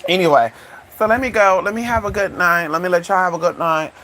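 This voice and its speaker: A man's voice: high voice, fast, bright, forceful tone, a little hiss or hum. A flamboyant man hosting a live stream, talking sassily and rambling to his viewers, calling them honey and girl. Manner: sassy, flamboyant, calls listeners honey and girl; rambling, talks back to an unseen audience. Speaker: channel host.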